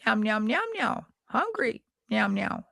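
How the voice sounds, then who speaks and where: A man's voice: sits high, sing-song, takes it slowly, gravelly, sharp tone, dry recording, voice pushed up, exaggerated voice. A man voicing a small plaintive puppet cat that strings together meows and adds single words. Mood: mewing.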